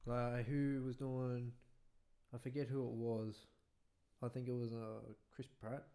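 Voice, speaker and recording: A man's voice: medium pitch, little pitch movement, unhurried, mellow. Laid-back young man chatting. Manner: laid-back, laughs easily, swears. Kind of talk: casual chat.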